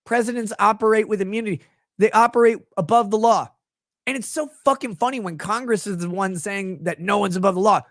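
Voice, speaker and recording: A man's voice: high-pitched, dry recording, studio quality. A man hosting a commentary show, reading news aloud and breaking off into sarcastic, profane asides. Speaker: legal commentary show host.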